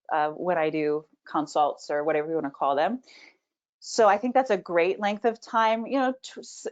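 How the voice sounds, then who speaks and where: Confident woman coaching over a video call. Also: medium pitch. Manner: confident, animated, demonstrates intonation. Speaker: public speaking coach. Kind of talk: webinar Q&A answers. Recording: slightly dull video-call audio.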